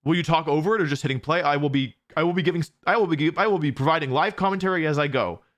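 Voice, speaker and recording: A man's voice: fairly high pitch, racing, fairly bright tone. A young man hosting a live stream, chatting casually as he reads out viewer questions and answers them with lots of restarts. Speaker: streamer hosting a watch party.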